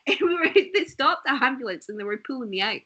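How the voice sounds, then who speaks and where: Bright-toned woman telling stories. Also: high voice, fast, highs cut off. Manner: animated storyteller, laughs often. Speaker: guest. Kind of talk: casual chat.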